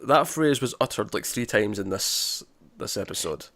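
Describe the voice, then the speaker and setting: A man's voice: fairly low pitch, lively intonation, moderate pace, a bit bright, no room sound. A man co-hosting a casual TV review chat, rambling with restarts and quoted lines. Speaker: podcast co-host reviewing a TV episode.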